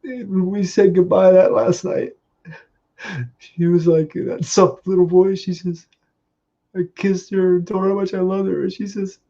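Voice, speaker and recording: A man giving a halting, tearful memorial tribute on a video call, laughing through his grief. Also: high voice, little pitch movement, dark tone, highs cut off. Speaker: grieving husband sharing memories.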